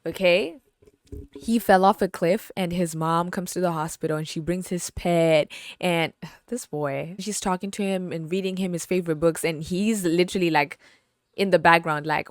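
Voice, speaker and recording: Low-voiced, animated woman podcaster. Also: clear, resonant tone, no room sound, studio quality. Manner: animated, exclaiming, lots of fillers. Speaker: podcast host. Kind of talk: casual movie review chat.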